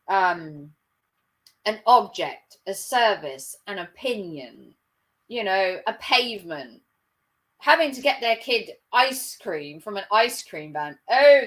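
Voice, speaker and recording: A woman's voice: mid-range voice, fairly bright tone, low-quality recording. A woman hosting a livestream, chatting casually and rambling with many fillers. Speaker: livestream host. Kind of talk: casual reaction chat.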